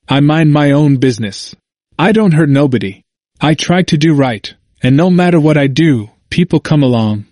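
A man's voice: medium pitch, a little mellow, no echo, studio quality, lightly acted. A man reading an audiobook voices a confused, frightened older man who speaks emphatically in a plain dialect and repeats himself.

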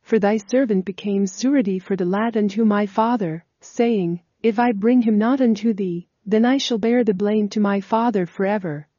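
A woman's voice: mid-range voice, moderate pace, few pauses, dark tone, no room sound, lightly acted. A woman voicing a man who pleads humbly before a ruler, in archaic scriptural phrasing, on a dull, slightly lo-fi recording. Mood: pleading.

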